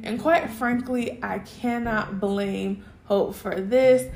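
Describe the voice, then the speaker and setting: A young adult woman hosting a podcast, recapping a TV episode in a casual, animated way, swearing freely and laughing as she talks. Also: mid-range voice, takes it slowly, vocal fry. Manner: animated, profane, laughing storyteller. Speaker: podcast host.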